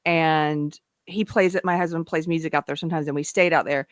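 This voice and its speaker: A woman's voice: low voice, fairly even intonation, a little fast, dry recording, clean studio sound. A woman from Texas hosting a live online panel, talking casually with many restarts and laughs. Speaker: host.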